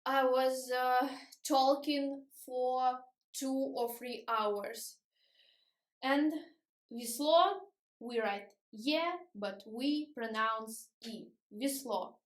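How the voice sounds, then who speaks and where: Woman teacher, native Russian speaker, high voice, very slow delivery, tired, echoey room. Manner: slow, patient explaining with many fillers and laughs. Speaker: language teacher. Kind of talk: beginner language lesson.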